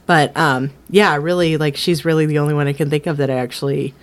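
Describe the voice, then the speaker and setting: A woman's voice: low-pitched, fast. A woman co-hosting a movie podcast, talking casually with lots of fillers and frequent laughter. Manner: animated, giggly, lots of fillers. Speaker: podcast co-host.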